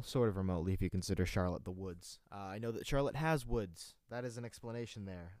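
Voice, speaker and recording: With no room sound and a fairly low, darkish voice, a teenage host from North Carolina runs an amateur radio show alone. Speaking into a desk mic with headphones on, he wanders from thought to thought, poking fun at himself and restarting often amid plenty of fillers.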